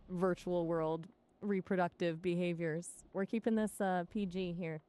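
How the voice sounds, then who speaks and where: A woman's voice: lowish voice, fairly even intonation, a little slow, darkish tone, clean tone. A synthetic woman's voice acting as an AI companion, chatty and full of playful quips. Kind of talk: conversational AI chat.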